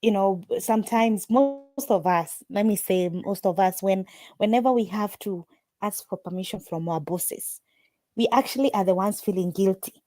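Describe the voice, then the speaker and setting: A woman's voice: medium pitch, moderate pace, dry recording. A woman hosting a casual group call, talking emphatically and telling stories with lots of feeling. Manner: emphatic, animated storytelling.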